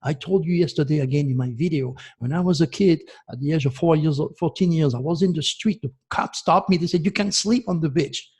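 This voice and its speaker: A man's voice: on the high side, brisk, hardly any pauses, darkish tone, slightly rough. A man from France, hosting an astrology show in a passionate, ranting monologue that turns emotional. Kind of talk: impassioned video monologue.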